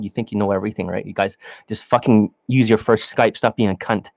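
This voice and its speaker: A man's voice: fairly low pitch, steady tone, fairly quick, gravelly, a little mellow. A man, a dating coach from Canada, talking to his students in a blunt, rambling, profane monologue and scolding them.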